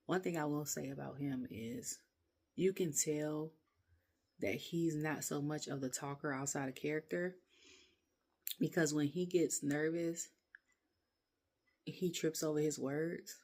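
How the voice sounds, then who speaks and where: A woman's voice: low voice, a little slow, long pauses. Chatty woman ranting casually. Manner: chatty, rambling, animated, laughs often. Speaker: wrestling reviewer. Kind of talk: casual rant review.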